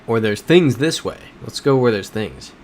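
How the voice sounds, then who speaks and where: A man's voice: mid-range voice, animated, normal speed, a little mellow, a little hiss or hum. A man chatting casually as he streams a geography game, thinking aloud and reading out his chat.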